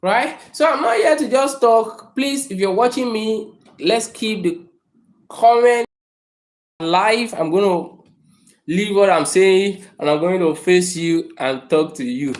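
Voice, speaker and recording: A man's voice: sits high, measured pace, roomy sound. A man hosting a motivational livestream, emphatic and repetitive, talking in a room. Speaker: livestream host. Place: room indoors.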